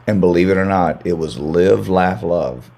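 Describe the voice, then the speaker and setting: A man's voice: low-pitched, moderate pace, creaky, a little mellow. An American man, a country singer, chatting as a guest in an interview, rambling and repeating words as he restarts his sentences. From United States. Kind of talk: casual interview chat.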